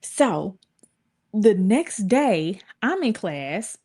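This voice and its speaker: A woman in her thirties telling a personal story to her viewers in casual, colloquial talk, with her pitch jumping up when she acts out quotes. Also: very slow, slightly rough. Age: 30s. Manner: lively, colloquial, swings into high acted voices for quotes.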